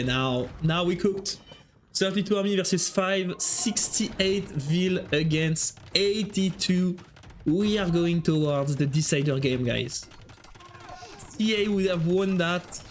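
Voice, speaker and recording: A man giving live esports commentary, excitable and joking as he jumps between calling the play and chatting with viewers. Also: on the high side. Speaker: esports caster.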